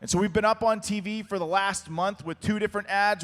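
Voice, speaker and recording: Man, hoarse, fairly high voice, emphatic campaign pitch, long echo of a conference hall. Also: fairly even intonation, fairly quick, hardly any pauses, fairly bright tone. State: losing his voice. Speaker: political candidate, interview guest. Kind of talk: live on-stage conversation.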